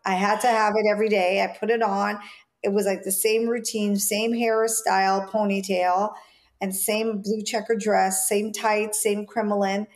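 A woman in her forties, born in Jamaica, speaks with a light Jamaican lilt. She tells her childhood stories in a lively way and slips into the voices of the people she quotes. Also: medium pitch, normal speed. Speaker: stylist guest. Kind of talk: interview storytelling.

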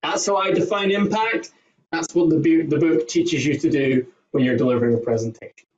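A man with a high-pitched voice explains his ideas in an emphatic, coaching way. He sounds set back from the mic in a roomy space, and the audio is a little dull. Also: brisk, darkish tone, distant mic. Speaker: presentation skills trainer, guest. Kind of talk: podcast interview answers.

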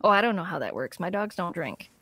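A woman co-hosting a podcast, telling a story in casual chat, animated and laughing often as she acts out what people said. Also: on the low side, fast talker, breathy edge, no echo. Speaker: podcast co-host.

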